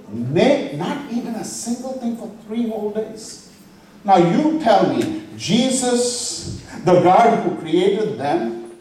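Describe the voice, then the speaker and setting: A man's voice: high voice, mellow. A man preaching a sermon, asking the congregation questions and quoting scripture. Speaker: pastor. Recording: echoey room, voice from far off the mic.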